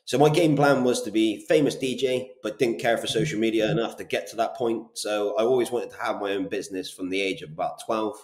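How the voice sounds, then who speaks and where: A young man with a Bristol accent tells his story briskly and with energy, swearing casually. His voice sits a little low. The room gives the recording a noticeable echo. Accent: Bristol English. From Bristol, England. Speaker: guest, property business owner. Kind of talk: casual interview chat. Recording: roomy echo.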